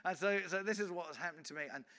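A man's voice: high-pitched, rapid-fire, pushed and bright. A man, an evangelist telling a story in a sermon, acting out scenes with frequent restarts. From England.

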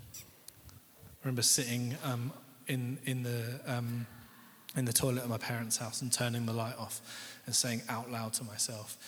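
A man's voice: medium pitch, little pitch movement, measured pace. A young man giving a candid, conversational personal testimony as a guest speaker in a church. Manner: candid, conversational, quotes others' words. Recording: long hall reverb.

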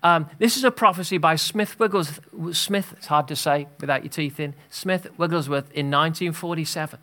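A man preaching a sermon as pastor, energetic and exhorting, calling out to the congregation. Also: on the high side, moderate pace. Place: church hall.

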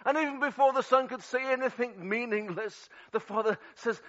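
A man preaching a sermon, swinging dramatically between loud outbursts and hushed, low passages. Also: normal speed. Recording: dull lo-fi audio.

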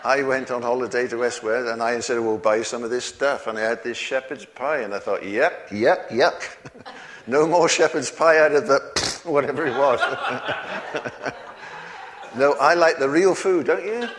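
A man delivers a sermon with a homely, chuckling manner, tossing rhetorical questions to his listeners. His voice sits at an ordinary pitch for a man. A long reverb trails behind him in a large hall. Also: moderate pace, fairly bright tone, slight background noise. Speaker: preacher.

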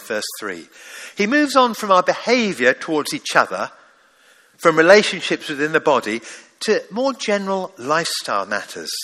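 A middle-aged man preaching with a fairly high voice. His tone is bright and forceful as he drives each point home with emphatic repetition. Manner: emphatic and exhorting, repeats phrases. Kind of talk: sermon.

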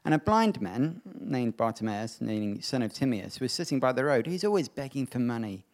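A man preaching a sermon, reading Bible stories and bringing them to life with animated voices. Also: medium pitch, normal speed.

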